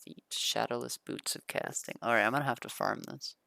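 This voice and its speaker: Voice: medium pitch, brisk, vocal fry, bright, forceful tone, no room sound. A streamer chatting casually with teammates while gaming, often asking questions and hesitating. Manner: asks lots of questions, hesitant.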